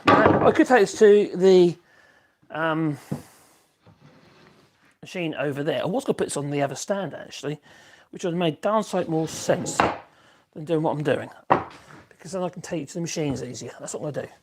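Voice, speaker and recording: Rambling and exclaiming as he works, a woodworking live streamer chats casually from his home workshop, which is a bit echoey, using an external mic. His fairly high voice moves at a moderate pace with frequent pauses, and background noise can be heard.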